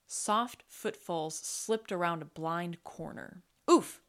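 Woman telling her ghost story podcast, lowish voice, chatty and excited after. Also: a little slow.

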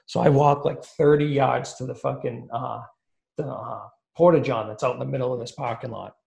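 Gravelly man telling a profane story. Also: mid-range voice, normal speed. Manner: profane, rambling and animated. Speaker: podcast guest. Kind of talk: casual storytelling.

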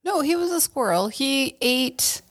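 A woman's voice: high-pitched, expressive, a little slow, a bit bright. A woman co-hosting a podcast, chatting casually and agreeably, often chiming in with short replies. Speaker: podcast co-host. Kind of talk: casual chat.

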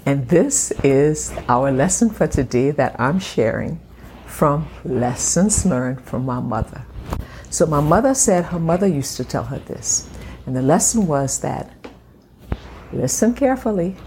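A middle-aged woman hosting a faith podcast from her home, talking in an encouraging way and slowing down to stress her points. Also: sits low, animated, mellow, slight background noise. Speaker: podcast host. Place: home room at a glass table.

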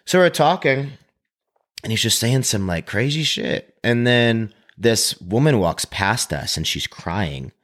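A man's voice: mid-range voice, unhurried. A man in casual conversation, telling a story animatedly, swearing and acting out what people said. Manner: animated, profane, acts out quotes.

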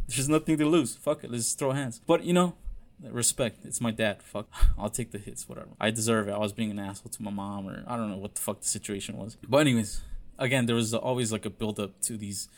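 A man telling a personal story in a casual, frank way, with lots of fillers and swearing. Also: medium pitch. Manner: loose, profane, many fillers; frank and confessional.

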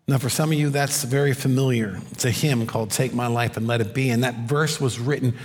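A man giving a sermon, explaining a passage and asking the congregation rhetorical questions, slowing down to stress key points. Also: mid-range voice, fairly even intonation. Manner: expository preaching, rhetorical questions, slows for emphasis. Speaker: pastor. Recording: long hall reverb.

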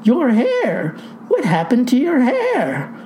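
A woman's voice: high-pitched, huge pitch swings, slow, warm tone, a little hiss or hum, pitched above the performer's own voice, full character voice. A woman doing a flustered young postal clerk. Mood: rattled. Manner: exclaiming, rattled.

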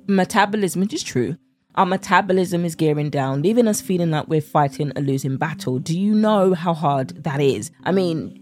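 A woman's voice: on the low side, a little mellow. A woman in her late thirties with a British accent, hosting a podcast in a chatty, upbeat way and laughing often. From United Kingdom. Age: 30s. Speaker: podcast host and weight-loss coach. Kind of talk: scripted podcast intro and casual monologue.

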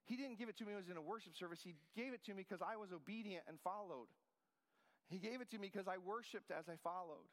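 A man's voice: high voice, fast, long reverb tail. A man in his forties preaching a sermon, telling a personal story in a conversational style. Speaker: pastor.

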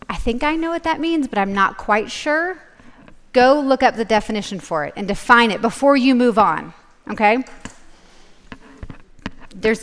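A woman's voice: medium pitch, a bit bright. A woman giving a live Bible study talk to an audience. She speaks casually, laughs often and keeps checking in with "okay?". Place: large hall with a live audience. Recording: echoey hall.

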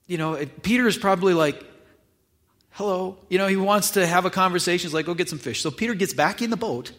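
A man's voice: high voice, a little fast, fairly bright tone. A man preaching a sermon, retelling a scripture reading in a casual, conversational way with acted asides. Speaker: pastor.

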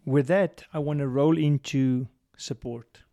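A man hosting a podcast, asking questions and encouraging his guest with steady murmurs of agreement. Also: medium pitch, unhurried. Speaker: podcast host. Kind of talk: interview questions, casual conversation.

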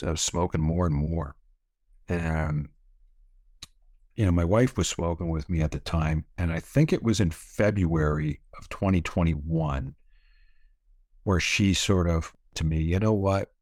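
A middle-aged man from Canada talks through his life story in a relaxed, rambling way, full of "you know" and casual swearing. His voice sits very low. The recording is dry, with no room sound. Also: no room sound. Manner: candid, rambling, swears freely, many fillers. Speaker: podcast guest.

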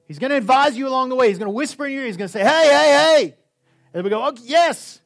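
A man preaching a sermon, animated, swinging from quiet, intimate lines to loud shouts. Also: extremely high pitch, rapid-fire.

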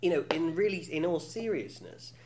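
Male podcast co-host in his thirties, candid and quick to laugh, faint hum under the voice. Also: fairly high pitch, sing-song. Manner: candid, laughs often, many restarts. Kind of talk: casual podcast chat.

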